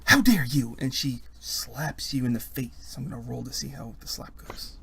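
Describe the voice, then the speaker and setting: A man's voice: mid-range voice, level tone, gravelly, a little hiss or hum. A man running a tabletop game as dungeon master, narrating and slipping into character voices. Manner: does quick character voices, laughs often.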